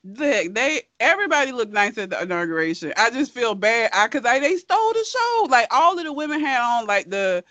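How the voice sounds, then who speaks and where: A woman's voice: a little high, sing-song, brisk, hardly any pauses, fairly bright tone, no echo. A woman in a casual chat who gushes with admiration, laughs often and swears now and then.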